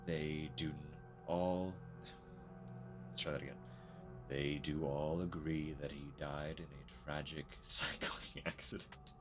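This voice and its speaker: A man's voice: rumbling low, fairly even intonation, takes it slowly, soft background music. A man streaming a game, reading its text aloud and adding dry, sarcastic asides.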